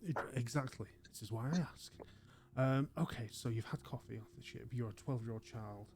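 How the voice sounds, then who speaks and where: A man's voice: mid-range voice, brisk, a little mellow, lightly acted. Man doing a flustered, hesitant ship's doctor. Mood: clinical, lecturing. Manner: awkward, hesitant, polite. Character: adult male ship's doctor, fussy and perplexed.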